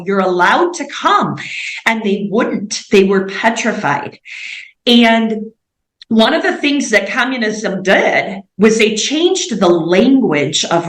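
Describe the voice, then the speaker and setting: A woman's voice: mid-range voice, a bit bright, roomy sound, rough recording. A woman in her forties from the United States, a missionary guest speaking earnestly in an interview, often filling gaps with "like" and "um". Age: 40s. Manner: earnest, many fillers like "like" and "um". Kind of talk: interview conversation.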